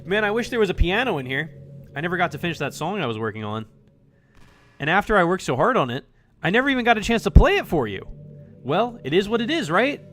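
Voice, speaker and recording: A man's voice: high-pitched, sing-song, fast talker, fairly bright tone, no echo, faint music behind, voice pushed up. A man reading aloud a cheerful young female club president from a visual novel, in a playful, teasing way. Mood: wistful.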